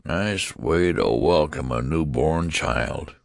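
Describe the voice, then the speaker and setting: A man's voice: slow pace, gravelly, no room sound, studio quality, full character voice. A man voicing a cranky newborn in an old man's body, with a weak, whining voice. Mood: complaining. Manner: complaining, shrill protest.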